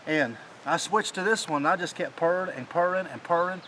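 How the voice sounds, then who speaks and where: A man, excitedly telling the story of a hunt in a casual chat outdoors in the mountain woods, rambling and restarting his sentences. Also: fairly high pitch, a little fast, very noisy. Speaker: hunting channel host.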